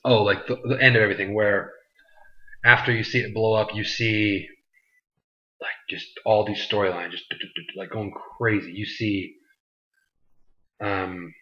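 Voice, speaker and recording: Casual male vlogger, lowish bright voice, rambling movie recap on a muffled lo-fi mic. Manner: loose, chatty, full of "like" and "you know". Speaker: vlog host reviewing a movie. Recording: dull lo-fi sound.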